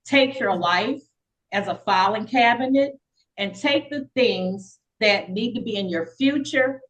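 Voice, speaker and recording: An older woman, a podcast guest, telling her life story in a casual, lively way and acting out the voices of people she quotes. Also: fairly high pitch, unhurried, highs cut off. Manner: lively, acts out quoted dialogue; frequent fillers and repeats.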